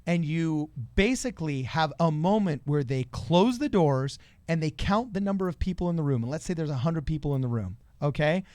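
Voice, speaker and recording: A man with a slightly raised voice talks through politics in a casual, animated way. The sound is dry and close, with no room around it. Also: on the high side, a little fast, few pauses, no echo. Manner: animated explaining, acts out quoted voices. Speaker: podcast co-host.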